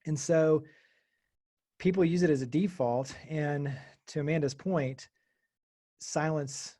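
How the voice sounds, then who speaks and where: A man's voice: on the high side, steady tone, slow, pauses often, mellow. A man who hosts a podcast and radio show, chatting upbeat during a webinar. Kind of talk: casual webinar comment.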